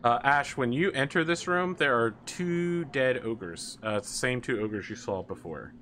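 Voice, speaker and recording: A man narrating as game master in a casual, hesitant way, filling pauses with "uh". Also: medium pitch, background noise. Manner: conversational with many "uh"s.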